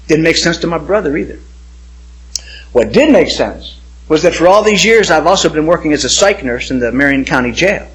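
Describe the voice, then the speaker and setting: A middle-aged man preaching his own testimony, his voice sitting high for a man and swinging widely up and down as he presses each point. He speaks with emphatic, impassioned conviction, as a pastor addressing his congregation. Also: lively intonation, fairly quick, rough recording. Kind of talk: personal testimony sermon.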